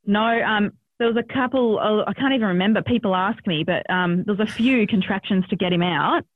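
A woman with an Australian accent, a podcast guest telling a story casually, animated and swearing freely, acting out what people said. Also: medium pitch, brisk, dry recording, phone-quality sound.

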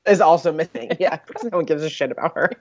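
A woman's voice: fairly low pitch, fast talker, a little mellow, no room sound. A woman co-hosting a podcast in casual chat, summarizing a story in a rambling way with fillers and laughs. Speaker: podcast co-host. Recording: dull, lo-fi dry recording.

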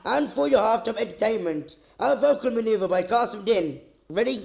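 A man's voice: sits high, animated, moderate pace, vocal fry, a little mellow. A man announcing acts in a community radio comedy show, showman-like.

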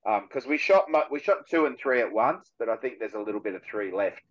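A man's voice: medium pitch, fairly quick, dull audio. A man in his forties with an Australian accent, an actor guest chatting on a radio show and acting out the voices in his stories. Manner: animated storyteller who acts out quoted voices. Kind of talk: casual radio chat.

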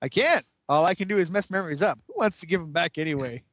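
A man's voice: on the high side, animated, quick pace, a bit bright, dry recording. A man voicing a bratty, scheming young female villain who sneers and taunts. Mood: sneering.

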